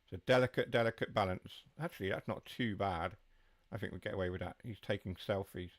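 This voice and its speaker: Low, dry-sounding male streamer, easygoing live commentary that drifts into replies to the chat. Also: brisk, no echo. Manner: chatty, answers chat while driving. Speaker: game streamer.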